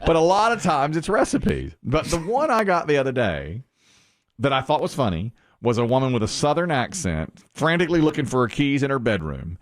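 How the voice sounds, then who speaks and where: Lively chatty male radio host. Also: mid-range voice, fairly quick, dry recording, clean studio sound. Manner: animated, laughs often, loose storytelling. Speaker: morning radio show host. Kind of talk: casual chat.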